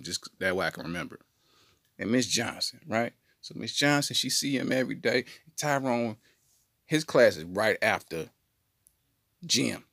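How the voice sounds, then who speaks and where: A man telling a comedic story on a podcast in an animated, slangy way. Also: mid-range voice, dry recording, studio quality. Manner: animated, slangy, jumps into voices. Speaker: podcast co-host.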